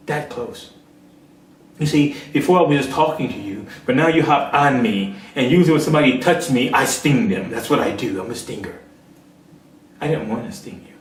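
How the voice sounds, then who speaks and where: A man voicing a sorrowful male scorpion who cannot help stinging, speaking quietly and with regret. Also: mid-range voice, a little hiss or hum, lightly acted. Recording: echoey room, far from mic.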